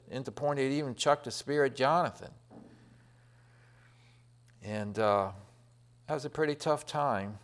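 Folksy rambling male preacher. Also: mid-range voice. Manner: folksy, rambling retelling with many fillers and restarts. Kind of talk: sermon.

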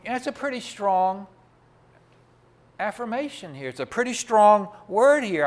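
A man with a somewhat raised pitch delivers a Sunday sermon into a microphone in a church sanctuary. His preaching is folksy and conversational. He often turns aside to talk straight to the congregation. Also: animated, normal speed, long pauses. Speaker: pastor.

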